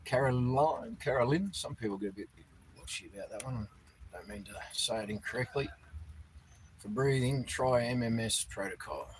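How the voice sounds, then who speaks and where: A man's voice: on the low side, normal speed, a little hiss or hum, poor audio. A man hosting a casual livestream, reading out viewers' names and greeting them as he goes. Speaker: livestream host. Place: outdoors in the cold.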